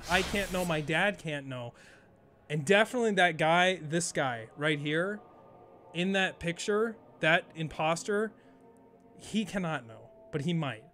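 A man's voice: high-pitched, a bit bright. A young adult man chatting casually to his audience during a game live stream, rambling, self-mocking and swearing freely.

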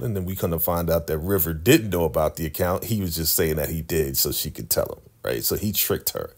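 A man's voice: sits low, brisk, hardly any pauses. A man casually recapping a TV episode in a chatty, conversational way as a vlogger.

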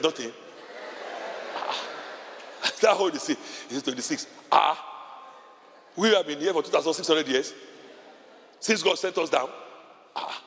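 Lively pastor in a big hall. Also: male voice, mid-range voice. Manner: animated, storytelling with sudden shouts and laughs. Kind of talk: sermon. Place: large church hall. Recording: long hall reverb.

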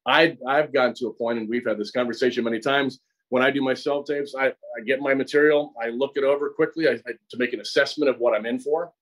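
A middle-aged American man talking through his craft as an interview guest. He is an actor and teacher with a mid-pitched voice, and he explains things at length. He often restarts his sentences and repeats words as he goes. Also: steady tone, fast talker, poor audio. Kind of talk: conversational interview. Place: acting studio.

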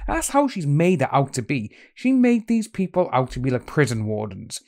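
A man in a commentary video, ranting with exasperation and scorn. His voice sits a little higher than most men's. He talks in a blunt, dismissive way. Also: very animated, fairly quick, a little mellow. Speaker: commentary channel host. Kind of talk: opinionated commentary.

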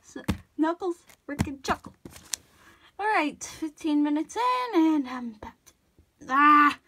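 A young woman who makes drawing tutorial vlogs chats casually while she draws, using a high, cartoony put-on voice that comes from tiredness. She speaks a little slowly with big pitch swings, rambling, stammering through restarts and making fun of herself.

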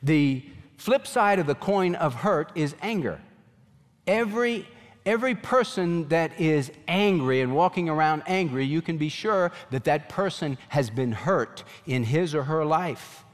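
A pastor preaches with animated conviction, his voice sitting a little high for a man. The sound carries a long reverb from a large hall. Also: measured pace. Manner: animated preaching, voices God's questions to Cain. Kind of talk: sermon.

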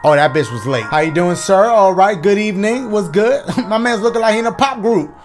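High-voiced excitable male gamer. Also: a little fast, faint music behind. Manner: loud, profane, excitable slangy banter. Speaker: gaming YouTuber. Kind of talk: let's play commentary.

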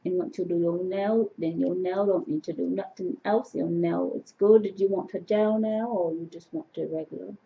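A woman playing a fussy adult nail technician who flatters her client and talks in drawn-out phrases, in a comedy sketch. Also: on the low side, creaky. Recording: dull lo-fi home audio.

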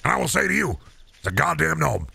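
A man doing an impression of a ranting conspiracy-show host who pitches supplements. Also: very animated, fast, vocal fry, sharp tone, slightly rough, dry recording, exaggerated voice. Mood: bombastic. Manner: bombastic, rambling, salesman pitch.

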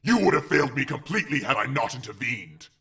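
A man uses a mid-range, animated voice, pushed and bright, to portray an ancient evil male being speaking from a pit in an audiobook. The character is cold, scornful, and commanding, with a slow, gravelly, menacing, drawn-out delivery.

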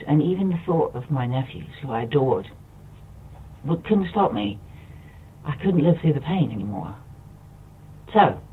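A man's voice: on the high side, a little hiss or hum. A man from the United Kingdom speaks as a radio show guest, close to tears, rambling and impassioned, repeating himself. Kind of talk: impassioned monologue. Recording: distant tinny phone line.

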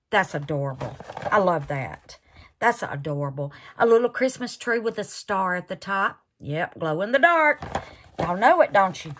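Gushing woman crafter, slow talker. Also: medium pitch, very animated, a bit bright. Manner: gushing, calls viewers honey and baby. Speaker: craft channel host. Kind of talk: casual unboxing chat.

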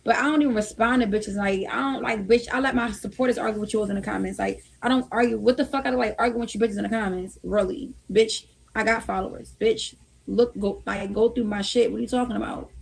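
A woman's voice: a little high, steady tone, quick pace, gravelly, slightly rough. A young woman hosting a livestream, swearing and scolding her viewers while begging them for gifts. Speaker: livestream host. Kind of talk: casual livestream talk.

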